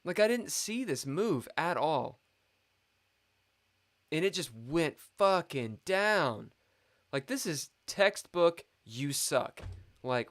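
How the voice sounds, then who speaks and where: A man talks through a losing chess game, swearing and scolding himself as he goes. His voice is slightly high and swings widely in pitch, and he speaks slowly, drawing out his complaints. He sounds dry-mouthed and thirsty. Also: sing-song, a bit bright. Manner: frustrated, swearing, self-critical muttering. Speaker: chess streamer. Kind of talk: live chess commentary.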